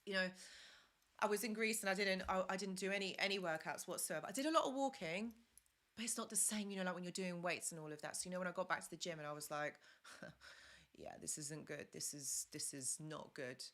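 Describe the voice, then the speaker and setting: A young woman talks through a live stream in a bright, clear voice. She gives earnest advice, circles back over her points and speaks casually to her viewers. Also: medium pitch, fast talker. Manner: earnest, repetitive, reads comments aloud. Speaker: live stream host, relationship advisor.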